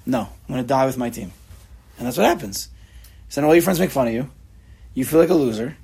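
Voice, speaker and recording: A man in his forties from the New York area, giving a casual Torah lesson with rapid rhetorical questions and frequent restarts. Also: medium pitch, expressive, vocal fry, dark tone, husky. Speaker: Torah class teacher.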